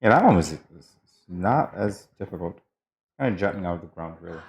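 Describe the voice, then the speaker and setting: A man with a notably deep, low voice co-hosting a morning show. He keeps the banter loose and easygoing, laughing as he talks. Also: animated, a little fast. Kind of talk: casual studio banter.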